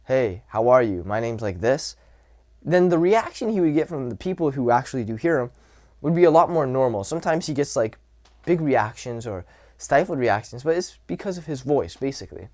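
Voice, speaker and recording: A man's voice: a little high, expressive, fairly quick, a little mellow. Casual young man coaching on dating. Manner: conversational, loose phrasing with fillers and restarts. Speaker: dating and social skills coach. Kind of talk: casual advice talk to camera.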